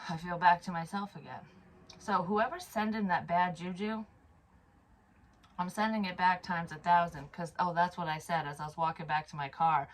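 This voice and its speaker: A woman in a casual vlog, talking straight to camera about something that happened to her. She is frank and swears freely, often sighing or trailing off mid-sentence. Her voice sits slightly low. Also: poor audio. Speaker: psychic medium vlogger.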